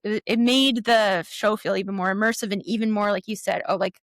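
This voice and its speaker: A woman's voice: medium pitch, fairly even intonation, fairly quick, no echo. Giggly chatty woman, dry close mic. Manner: chatty, giggly, lots of "like" fillers. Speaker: guest author. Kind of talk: casual podcast discussion.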